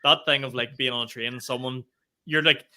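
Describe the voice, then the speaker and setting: A man, co-hosting a podcast in blunt, sweary casual chat, quick to react. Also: mid-range voice, steady tone, sharp tone. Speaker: podcast co-host.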